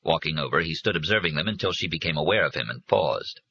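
A man reading a novel aloud as an audiobook narrator, in measured scripted narration. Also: very deep voice, animated, bright, forceful tone, breathy edge, no room sound. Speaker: audiobook reader. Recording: dry, dull lo-fi recording.

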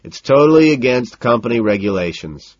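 A man's voice: mid-range voice, animated, fairly quick, husky, dry recording, highs cut off, voice pushed up. A man voicing a sarcastic, stubborn male limo driver with a smug, mocking manner.

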